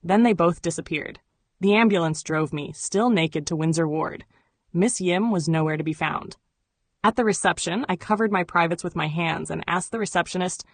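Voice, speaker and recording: A woman reading memoir narration in an even, measured way. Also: on the low side, dry recording. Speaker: audiobook narrator.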